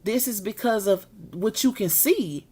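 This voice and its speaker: A woman's voice: mid-range voice, expressive, mellow, slightly rough. Tired woman wrapping up a live stream. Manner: chatty, drawn-out Southern-style slang with y'all and baby. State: tired and yawning. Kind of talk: casual live-stream chat.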